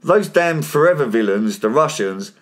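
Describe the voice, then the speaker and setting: A man's voice: mid-range voice, lively intonation, moderate pace. A man hosting a casual, sweary film podcast, mixing joking chat with read recap lines. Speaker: podcast host.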